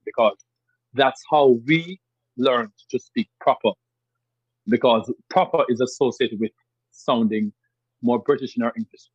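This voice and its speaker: A man from Jamaica with a strong Jamaican accent, a podcast guest speaking in emphatic, animated conversation and often repeating himself. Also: medium pitch, moderate pace, husky, no room sound, highs cut off. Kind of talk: casual conversation.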